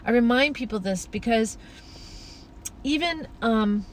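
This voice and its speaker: A woman hosting a spiritual podcast, talking in a gentle, flowing, earnest way with many soft asides. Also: on the high side, expressive, measured pace, slight background noise. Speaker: podcast host.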